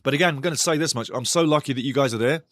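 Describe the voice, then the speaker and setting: Hosting a live match watch-along, a man comments on the play and talks passionately straight to his chat, ranting indignantly. His mid-range voice races along, a bit bright, with no echo.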